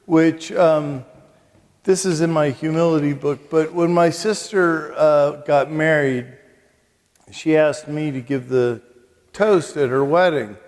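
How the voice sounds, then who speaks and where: A man's voice: a little high, slow, darkish tone, big-room sound. A man, a Catholic monk and priest, telling humorous, self-mocking stories at a retreat before a live audience. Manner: chatty, self-mocking, with asides and comic timing. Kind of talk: humorous storytelling retreat talk.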